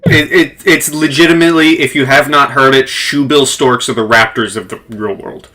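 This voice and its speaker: A man's voice: medium pitch, normal speed, sharp tone. A man running a tabletop game, enthusiastic and filler-heavy. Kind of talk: casual tabletop game narration.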